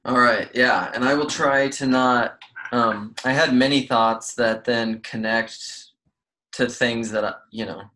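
A man's voice: mid-range voice, fairly even intonation, measured pace, pushed and bright, rough recording. A man co-hosting a casual book discussion, thoughtful and musing, with fillers. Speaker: podcast co-host.

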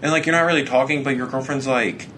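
A man's voice: medium pitch, steady tone, fast talker, fairly bright tone, a little hiss or hum. A young man co-hosting a podcast in casual chat, rambling, laughing often and swearing as he acts out quoted back-and-forth. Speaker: podcast co-host.

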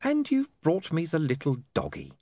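A man's voice: fairly high pitch, huge pitch swings, moderate pace, dark tone, dry recording, studio quality, pitched above the performer's own voice, heavily acted. A man reading an audiobook, voicing a cold, menacing male criminal who talks in a clipped, mocking way. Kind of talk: audiobook character voice.

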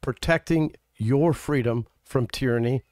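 A man's voice: medium pitch, unhurried, a little mellow, dry recording, studio quality. A man speaking as a Senate candidate in a casual political chat, an emphatic storyteller who quotes people in his anecdotes.

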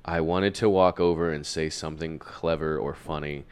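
A man's voice: rumbling low, steady tone, moderate pace, a little mellow, smooth. A young man telling a rambling, self-deprecating story in casual chat, laughing often and swearing freely.

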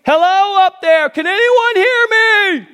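A man's voice: very high-pitched, a little slow, voice pushed up, full character voice. A preacher putting on a frantic man hanging off a cliff. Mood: panicked shouting. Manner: yelling desperately, pleading.

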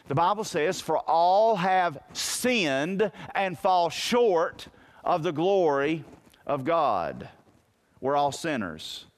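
A high-pitched male pastor delivering a sermon. He talks straight at his congregation, often calling for them to listen, and his delivery rises to loud emphatic peaks before dropping to hushed, low stretches. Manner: preaching with dramatic swings from loud to hushed; direct, addresses listeners with "listen".

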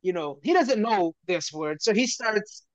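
A man's voice: high voice, lively intonation, measured pace, dry recording. A man co-hosting a podcast, telling a story in casual chat with lots of laughter and restarts. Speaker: podcast co-host. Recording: dry, slightly muffled lo-fi audio.

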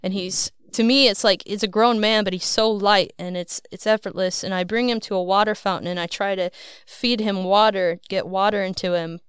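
A woman guest telling her dream in a loose, rambling way, laughing a little at herself now and then. Her voice is very smooth and resonant, and it sits close and dry on the mic. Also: medium pitch, dry recording. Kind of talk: casual storytelling.

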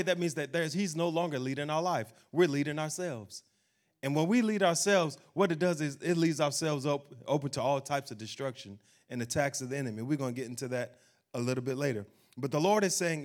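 A man preaching a sermon, emphatic, slowing down to read scripture. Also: fairly high pitch. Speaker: pastor.

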